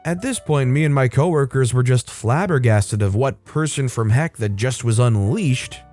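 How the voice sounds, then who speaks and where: A man's voice: medium pitch, moderate pace. A man narrating stories and commenting on them in a plain, matter-of-fact way. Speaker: story narrator. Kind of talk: reading stories aloud. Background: soft music.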